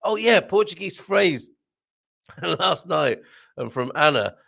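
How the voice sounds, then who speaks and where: Man, easygoing live-stream host, animated delivery, reads chat aloud. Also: fairly high pitch, vocal fry. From Britain. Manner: chatty, rambling, chuckles often, reads comments aloud, tries Portuguese phrases slowly. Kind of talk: casual live-stream chat reading viewer comments. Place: home studio with green screen.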